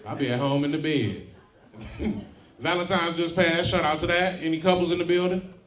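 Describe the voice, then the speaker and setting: On a comedy club stage before a live audience, a man performs a brash, profane stand-up set and frequently laughs at his own jokes. His voice is a little high at a normal speed, and the roomy club rings with loud crowd laughter.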